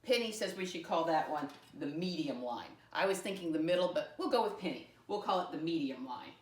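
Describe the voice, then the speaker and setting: A woman teaching young children a math lesson, talking slowly, spelling words out letter by letter, and making playful jumps in pitch. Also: expressive, far from the mic. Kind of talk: early-grade math lesson. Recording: roomy sound from off-mic.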